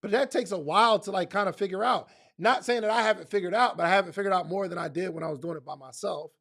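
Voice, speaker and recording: A man gives a motivational talk in a high, gravelly voice. He speaks straight to his listeners in casual slang and leans on repeated phrases to drive each point home. His delivery is emphatic and direct. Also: fast, a bit bright.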